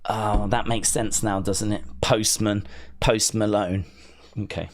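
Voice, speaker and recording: A man hosting a live wrestling watch-along, answering chat with jokey, sarcastic teasing and sudden loud outbursts. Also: fairly low pitch, steady tone, slow pace. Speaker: live stream host.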